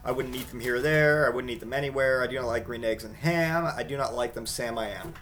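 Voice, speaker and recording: A man reading aloud as a grumpy, stubborn man who keeps refusing, in a flat sing-song picture-book cadence. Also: medium pitch, fast talker, soft background music, close to an everyday voice. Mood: stubborn refusal.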